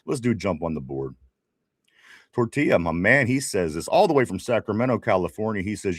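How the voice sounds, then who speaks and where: A man's voice: on the low side, moderate pace, no room sound, clean studio sound. A man with a Pittsburgh accent co-hosting a live sports talk show, reading viewer comments and joking around. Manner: animated, reads viewer comments, jokes around. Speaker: podcast co-host reading chat.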